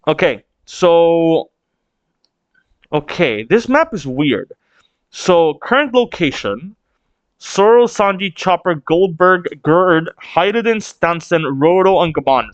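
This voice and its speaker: A man's voice: on the high side, animated, takes it slowly, long pauses, no echo, highs cut off. A man hosting a casual manga read-along reaction, rambling with restarts and casual swearing.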